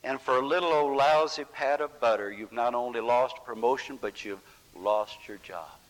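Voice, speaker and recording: A man preaching a sermon with impassioned, dramatic swings in pitch and loudness, acting out scripture voices. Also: moderate pace. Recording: long hall reverb.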